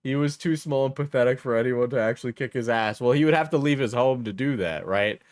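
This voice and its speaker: A man's voice: medium pitch, a little fast, dry recording, studio quality. A man hosting casual online commentary, rambling and mocking with crude jokes, constantly saying "like" and "right?". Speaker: commentary channel host.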